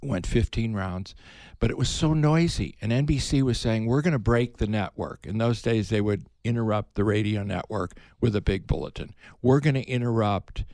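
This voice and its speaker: An older man, a veteran broadcaster, telling animated stories in a casual interview, his voice jumping up when excited. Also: normal speed, dry recording. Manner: animated storyteller, pitch jumps up when excited. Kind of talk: reminiscing in casual conversation.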